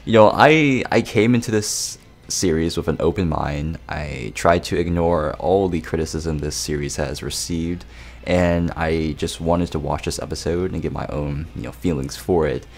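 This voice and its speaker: Deep-voiced young man rambling about an anime. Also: moderate pace. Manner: rambling, laughing, swearing, quotes scenes in mock voices. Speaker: anime reviewer. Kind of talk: casual video review.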